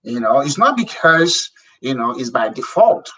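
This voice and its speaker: A man's voice: medium pitch, big pitch swings, a little slow, bright, forceful tone, husky, recorded from a distance, low-quality recording. A middle-aged man from Nigeria with a Nigerian accent, a guest in an interview, telling his story in a blunt, emphatic way. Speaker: guest, businessman. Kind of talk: interview conversation.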